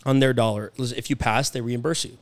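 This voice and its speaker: Animated young man telling work stories. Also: medium pitch, fast talker. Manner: animated storyteller, acts out phone calls, laughs often. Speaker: podcast guest. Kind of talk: casual storytelling chat. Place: podcast studio.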